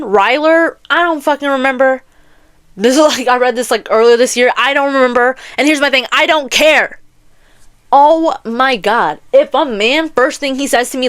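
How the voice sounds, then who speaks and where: A young woman hosts her own podcast alone, talking straight into the mic. She vents in a heated, profane rush, repeating herself for emphasis and laughing at her own anger. Her voice sits a little on the high side. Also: fairly bright tone. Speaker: podcast host. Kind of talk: solo podcast rant.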